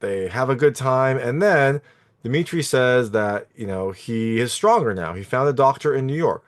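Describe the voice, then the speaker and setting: A man's voice: mid-range voice, expressive, normal speed. A man talking casually as a film reviewer, recapping a plot in a chatty, meandering way with many fillers. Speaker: movie reviewer.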